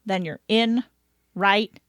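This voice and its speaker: A woman co-hosting a podcast in casual, rambling chat, quick to laugh. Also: medium pitch, steady tone, fairly bright tone, smooth, no echo. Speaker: podcast co-host.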